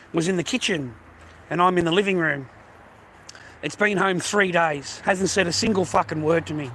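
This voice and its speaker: A man's voice: a little high, fairly bright tone, a little hiss or hum. An Australian man ranting about his grievances, swearing heavily and repeating himself. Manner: aggrieved, heavy swearing, repetitive. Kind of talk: angry personal rant.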